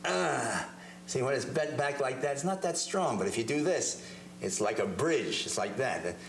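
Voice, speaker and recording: A man's voice: medium pitch, lively intonation, moderate pace, roomy sound, slight background noise. A man giving a hands-on drum lesson, explaining technique step by step and often repeating words as he demonstrates. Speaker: drum teacher. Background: drum hits between phrases.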